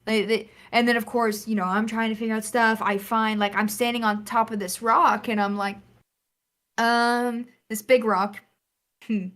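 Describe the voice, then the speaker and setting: A young woman co-hosting a gaming podcast, telling a lively story and acting out the lines. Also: on the high side, normal speed. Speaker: podcast co-host. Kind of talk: casual chat.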